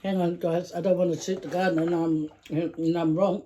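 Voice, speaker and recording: A woman's voice: on the low side, level tone, normal speed, mellow. A middle-aged woman, chatting casually while eating and humming over her food. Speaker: vlogger eating with her daughter. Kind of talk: casual mukbang chat.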